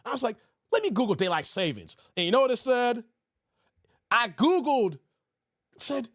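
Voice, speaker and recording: A man's voice: moderate pace, pauses often, no echo, clean studio sound. A man hosting a casual live stream from home, telling stories and acting out quotes in a raised voice. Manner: animated storytelling, voices his quotes high and loud.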